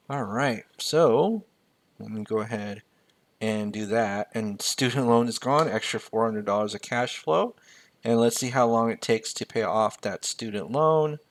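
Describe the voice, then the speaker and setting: A man's voice: on the low side, gravelly. Casual jokey man reading figures aloud. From United States. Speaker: finance mentor. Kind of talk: screen-share spreadsheet tutorial.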